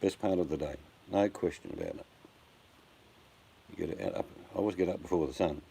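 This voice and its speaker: A man's voice: deep voice, fairly quick, vocal fry, mellow. An older Australian man chatting casually on a live stream, blunt and joking, addressing his viewers by name. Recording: faint background noise.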